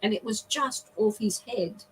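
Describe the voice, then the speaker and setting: A woman's voice: on the high side, a little slow, slight background noise, rough recording. A middle-aged woman, a guest on a video call, earnestly telling a personal story with emotion and frequent restarts.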